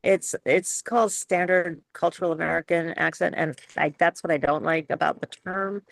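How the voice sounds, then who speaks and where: Gravelly New York woman coaching voices. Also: fairly low pitch, fairly even intonation, normal speed, no echo. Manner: chatty, laughing often, many restarts. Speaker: speech coach. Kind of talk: webinar Q and A.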